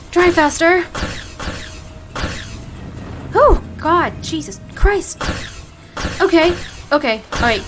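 A young woman voicing a feisty hacker girlfriend with an elf avatar, swearing and bantering with laughs in a listener-addressed audio role-play. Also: high-pitched. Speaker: voice actor.

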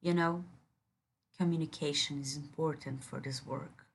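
A woman's voice: low voice, fairly even intonation, moderate pace, gravelly, breathy edge. A woman in an audio role-play who speaks straight to the listener as a firm, commanding yet caring partner.

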